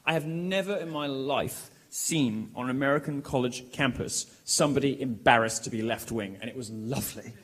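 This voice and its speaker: A British man giving a provocative, mocking live speech to a college crowd in a large, lively room, delivering it loudly and with projection. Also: medium pitch, normal speed, few pauses. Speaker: public speaker.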